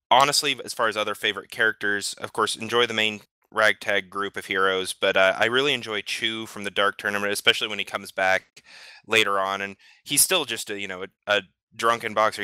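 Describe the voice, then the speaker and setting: A man with a very bright, crisp voice chats casually on a podcast. He often stumbles and repeats words as he gets going. The sound is dry and close. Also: lowish voice, no room sound. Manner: hesitant, repeats words when starting thoughts. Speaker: podcast participant. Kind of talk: casual chat.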